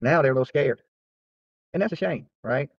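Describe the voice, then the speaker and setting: A YouTube channel host with a fairly high-pitched voice rants fast to his viewers, profane, boastful and trash-talking. The recording is dry with a slightly dull lo-fi sound.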